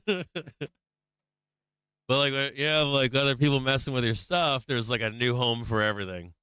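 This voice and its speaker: A man's voice: medium pitch, normal speed, bright, forceful tone, clean tone, no room sound. Rambling, profane middle-aged man. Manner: rambling and profane, heavy on "like" fillers. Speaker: stock market livestream host. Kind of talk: casual livestream chat.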